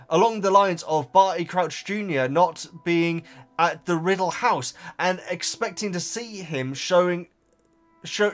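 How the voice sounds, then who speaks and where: Animated man with a high voice. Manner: animated, stumbling over words and restarting. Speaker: video host reading viewer comments. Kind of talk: casual chat to camera.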